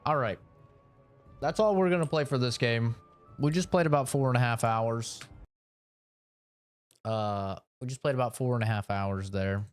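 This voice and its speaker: A man's voice: mid-range voice, normal speed, long pauses, faint music behind. A man live streaming video games, chatting casually in a rambling, profane way. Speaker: game streamer.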